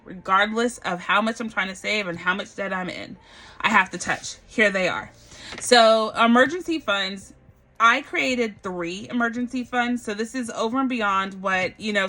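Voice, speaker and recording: A woman in her thirties from Barbados, chatting casually to camera about her budget, lively and addressing viewers as y'all. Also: mid-range voice. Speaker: budgeting vlogger.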